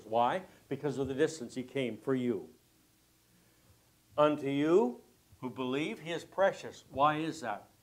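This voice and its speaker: A man pastor preaching a sermon slowly, rising to loud emphatic passages and dropping to hushed, near-whispered phrases. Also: mid-range voice. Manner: preaching with swells of loudness and drops to near-whispers; slow, deliberate delivery.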